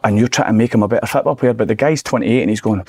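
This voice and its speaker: A man's voice: on the low side, rapid-fire, slightly rough, dry recording. A Scottish man in his forties, a former footballer, chatting as a podcast guest and acting out his old remarks as he tells stories. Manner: animated storyteller, acts out his own past remarks. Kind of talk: casual podcast chat.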